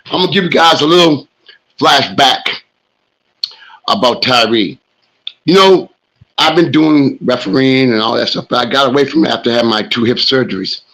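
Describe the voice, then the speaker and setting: A middle-aged man hosting a sports show, hoarse and telling rambling stories in a casual monologue. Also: medium pitch, animated, moderate pace, pushed and bright, rough recording. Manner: rambling storyteller, talks smack.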